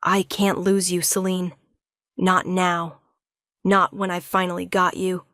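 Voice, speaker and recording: A woman reading the lines of an adoring young male king in her own voice, speaking softly and earnestly in a storybook narration. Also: lowish voice, little pitch movement, slow, no echo, studio quality. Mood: anxious.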